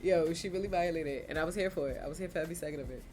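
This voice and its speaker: Laughing, animated woman in chat. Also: sits low, very fast, background noise. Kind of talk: casual chat.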